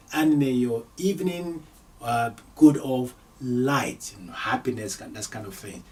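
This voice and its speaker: A man teaching an Arabic language lesson, repeating each phrase slowly for learners, with frequent hesitations. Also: medium pitch, warm tone, distant mic. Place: lives in London.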